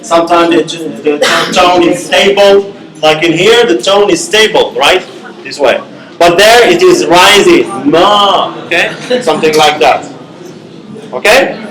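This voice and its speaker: Male lecturer, high voice, slow deliberate delivery, recorded in a roomy hall. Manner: repeats "okay?" to check understanding, slow and deliberate. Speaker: university lecturer. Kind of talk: classroom lecture. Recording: echoey classroom.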